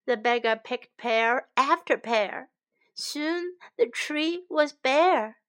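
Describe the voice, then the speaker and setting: Slow, bright-voiced woman storyteller. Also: sits high. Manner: slow, clear, teacherly. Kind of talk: storybook reading for English learners.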